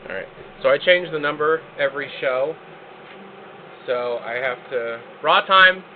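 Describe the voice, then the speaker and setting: A man hosting a live stream, chatting excitably and joking with casual swearing. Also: fairly high pitch, a little slow, narrow, tinny audio, a little hiss or hum. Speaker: streamer host.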